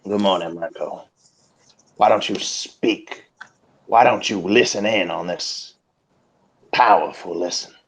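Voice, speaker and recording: A man riffing in a grandiose, preacher-like comedic oration, drifting from hushed whispers to loud declaiming. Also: low voice, slow, pauses often, slightly rough, low-quality recording. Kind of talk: improvised comedic mock oration.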